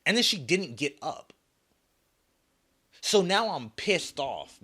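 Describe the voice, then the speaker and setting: A man's voice: on the high side, very animated, slow, pauses often, pushed and bright, husky. A young man hosting a solo podcast, ranting with lots of swearing and putting on mocking voices for the people he quotes. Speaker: podcast host.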